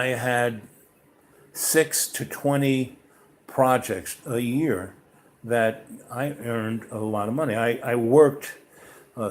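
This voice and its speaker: A man hosting a podcast, telling a personal story in a casual, rambling way full of fillers and restarts. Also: medium pitch. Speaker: podcast host.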